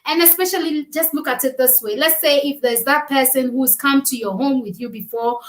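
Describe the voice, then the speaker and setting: A woman's voice: high voice, a little fast. A woman co-hosting a casual chat, talking earnestly and emphatically, often repeating her words. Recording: echoey room.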